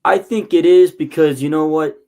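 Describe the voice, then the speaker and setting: A man's voice: fairly high pitch, steady tone, moderate pace, darkish tone. A man on a casual podcast, telling long fan stories with lots of restarts and false starts. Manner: rambling storyteller with many restarts. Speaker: guest, wrestling promotion figure.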